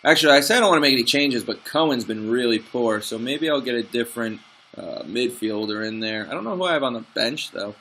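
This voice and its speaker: A young man narrating his own football management game like a commentator. His voice is bright and ringing, his pitch sits mid-range for a man, and his excited calls give way to frustrated muttering about his team. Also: fast talker. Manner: excitable, frustrated, swings from play-by-play to grumbling asides. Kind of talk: let's play commentary.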